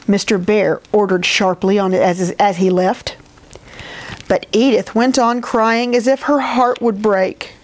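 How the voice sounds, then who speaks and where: A woman librarian reading a picture book aloud in a gentle, expressive storytelling manner. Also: mid-range voice, measured pace.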